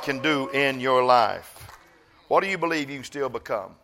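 An older man, a grandfather, preaching a sermon as pastor, swinging from loud exhortation to soft, slow storytelling. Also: medium pitch, lively intonation, some chatter behind, slight background noise.

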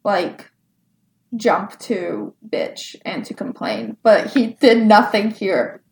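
A woman co-hosting a casual chat podcast, retelling things in an animated, giggly way. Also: medium pitch, slow pace, creaky, echoey room. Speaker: podcast co-host. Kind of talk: casual chat about motor racing.

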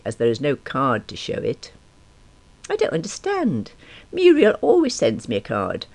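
Woman, about fifty, first-person story reading, wry, self-deprecating, very lively pitch. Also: gravelly. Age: around 50. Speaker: narrator.

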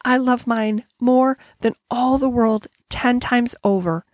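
A woman's voice: a little high, fairly even intonation, slow, dry recording, studio quality, pitched above the performer's own voice. A woman voicing a serious, brave and determined little girl who speaks earnestly and steadily in a storybook reading. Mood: sad.

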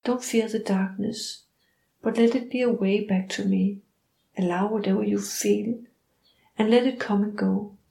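A woman voicing a calm, loving female dog spirit who speaks softly and soothingly. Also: medium pitch, vocal fry. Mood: gentle, soothing. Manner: soft, slow and soothing. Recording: roomy echo.

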